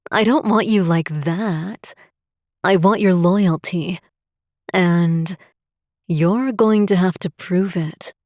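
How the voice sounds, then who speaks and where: A woman narrator voicing a cold, scheming woman who speaks in a slow, honeyed tone. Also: on the low side, a little mellow, no room sound, studio quality. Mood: icy.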